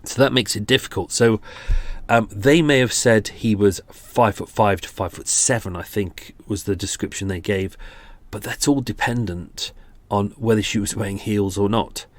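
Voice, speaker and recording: A man's voice: fairly low pitch, moderate pace. A man in his forties with a British accent, hosting a true-crime podcast in a chatty, self-deprecating way. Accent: British English. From England. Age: 40s. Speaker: podcast host.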